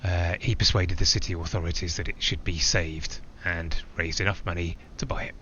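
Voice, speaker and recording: A man's voice: sits low, steady tone, moderate pace, pushed and bright, dull audio, slight background noise. An actor playing a man flying alone, who talks in a reflective, digressive way with small hesitations. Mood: musing. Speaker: narrator-pilot. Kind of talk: theatrical monologue.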